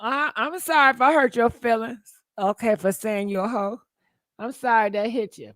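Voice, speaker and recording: A high-voiced woman chats casually on a livestream. She reads comments and talks back in a brash, teasing way, laughing often. The sound is dry and close, with no room around it. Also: moderate pace, fairly bright tone, no echo. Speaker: livestream host reading chat.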